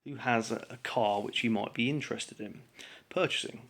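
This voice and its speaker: A man's voice: medium pitch, normal speed, fairly bright tone, breathy edge. A man telling a long, exasperated story to camera in a rambling, casual way, full of fillers. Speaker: vlogger telling a grievance story.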